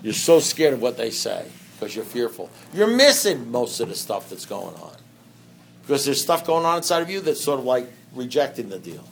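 A man speaking to a recovery meeting in a rambling, conversational way, full of "you know" asides, swinging between loud bursts and quiet low stretches and acting out dialogue. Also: very animated, moderate pace, creaky, a little hiss or hum. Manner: acts out dialogue in anecdotes. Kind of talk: personal recovery talk to an audience.

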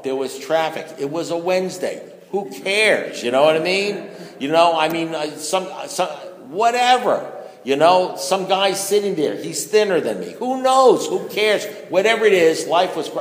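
A man in the middle of a comic storytelling talk, animated and self-mocking, piling up stammered restarts as he rambles. His voice sits at an ordinary middle pitch. It rings through a roomy hall with a long tail of reverb. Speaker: speaker telling his recovery story.

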